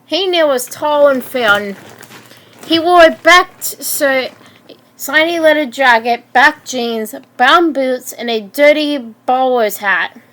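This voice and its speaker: A woman in her twenties reading her own story aloud in a halting way, often stumbling and restarting words. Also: high-pitched, a bit bright. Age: 20s. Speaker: story narrator.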